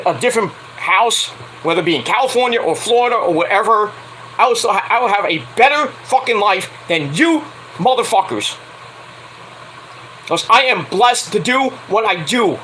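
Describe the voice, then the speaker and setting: A man on a late-night livestream rants with heated, profane energy. His voice sits high and bright. A faint air-conditioning hum runs underneath. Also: low-quality recording. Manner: profane, heated, fired-up ranting. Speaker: wrestling reviewer and streamer.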